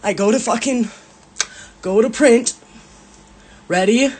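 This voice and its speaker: A woman's voice: a little high, slow, darkish tone, slightly rough. A woman, a mother, ranting angrily and swearing while crying. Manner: angry, profane ranting. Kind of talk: ranting phone video.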